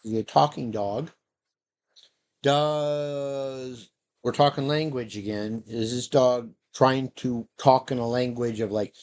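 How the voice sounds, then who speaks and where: A man's voice: mid-range voice, steady tone, slow pace, a little mellow. Rambling man musing aloud. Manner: meandering, playful, breaks into silly dog noises and voices. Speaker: vlogger. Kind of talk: rambling casual monologue.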